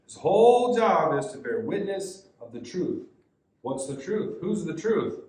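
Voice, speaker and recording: A man's voice: on the high side, sing-song, normal speed, a little mellow. Man teaching a youth Bible study. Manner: conversational, reads scripture aloud, then explains it. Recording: echoey room.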